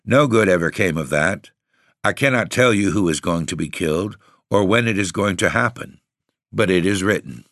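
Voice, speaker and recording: A man's voice: deep voice, lively intonation, dry recording, studio quality. A man voicing a grave old caretaker woman. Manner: quiet, solemn, unhurried. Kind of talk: audiobook reading.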